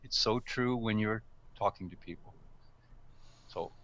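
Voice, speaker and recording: A man's voice: on the low side, unhurried, a bit bright. An older man in casual instructional talk, explaining speaking tips in a conversational way with ums and self-corrections. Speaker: guest speaker, speaking coach. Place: live stream studio or room.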